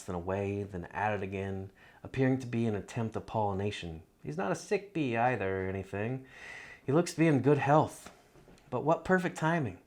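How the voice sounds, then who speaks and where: A man reading his own literary love story aloud in a measured, reflective first-person narration. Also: on the low side.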